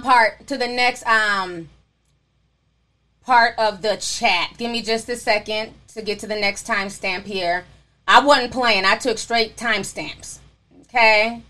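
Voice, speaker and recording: Sassy high bright-voiced woman streamer. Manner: sassy, calls viewers honey and sis. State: coughing. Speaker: livestream host reading super chats. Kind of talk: casual livestream commentary.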